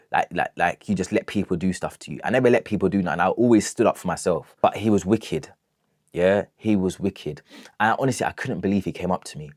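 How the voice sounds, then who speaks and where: A man's voice: lowish voice, a little mellow, dry recording, clean studio sound. A young man telling a storytime rant, emphatic, checking in with "yeah?" after nearly every phrase. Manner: emphatic, keeps asking "yeah?". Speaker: vlogger.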